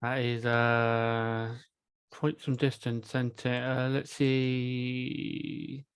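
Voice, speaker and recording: A man playing a tabletop game, talking through his turn hesitantly with many pauses. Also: mid-range voice, little pitch movement, smooth, dry recording, studio quality. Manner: hesitant, lots of uh's. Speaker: player. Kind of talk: casual tabletop play.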